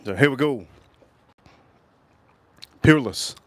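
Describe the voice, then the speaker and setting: A man hosting a casual livestream whiskey review, talking excitably and rambling straight to his viewers. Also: medium pitch, slow.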